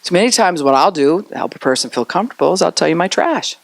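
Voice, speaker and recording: A woman pastor delivers her sermon chattily, slipping into small acted-out voices for the people she describes. Her lower, creaky voice swoops expressively at a quick pace. The recording is dry and close, with no room around it.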